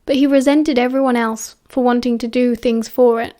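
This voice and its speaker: A woman with a British accent narrating an audiobook in a steady, even storytelling voice. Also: fairly high pitch, moderate pace. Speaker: audiobook reader.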